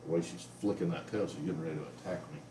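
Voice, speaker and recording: A man's voice: low-pitched, very fast. Man, rambling casual vlog, coos at his cat, living room, faint background noise. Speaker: pet vlogger. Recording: roomy, mic at a distance, faint noise.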